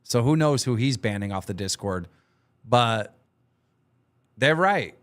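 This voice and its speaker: Slow, offhand male stream host. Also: medium pitch, lively intonation, a bit bright. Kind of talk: casual drama recap commentary.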